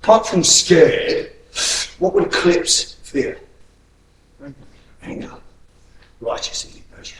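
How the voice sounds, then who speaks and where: A man's voice: medium pitch, lively intonation, a little slow, pauses often, fairly bright tone, far from the mic, a little hiss or hum. A man teaching a hands-on self-defence class, blunt and profane, barking drill commands between explanations. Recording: echoey room, voice from afar.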